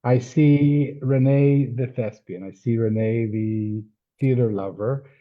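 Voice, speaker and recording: A man's voice: medium pitch, slow. A man hosting an interview, stumbling and repeating words as he praises his guest over a video call. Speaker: interviewer host. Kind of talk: casual interview chat. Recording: dull lo-fi video call audio.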